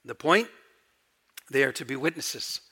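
A middle-aged man preaching an expository sermon, emphatic, repeating key phrases and swinging between loud declarations and hushed asides. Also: mid-range voice, animated, unhurried, slightly rough. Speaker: pastor.

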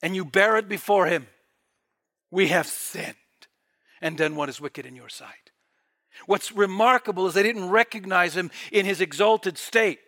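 Man preaching a sermon, highish bright voice, gets loud then goes real quiet. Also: a little slow. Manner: fervent, rising and falling in volume.

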